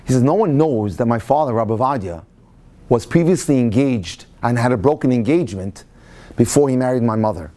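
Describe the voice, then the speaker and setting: A man's voice: mid-range voice, a little fast. A man giving a Torah lecture, telling stories and weaving Hebrew phrases into his English. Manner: animated storyteller mixing Hebrew phrases into English. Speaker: rabbi lecturer.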